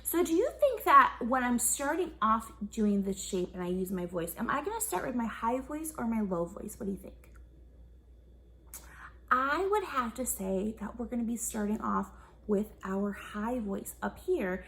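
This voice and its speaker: A woman's voice: fairly high pitch, expressive, moderate pace, a bit bright. A young woman teaching a children's music class, upbeat and encouraging, often asking the kids questions. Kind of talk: online kids' music lesson.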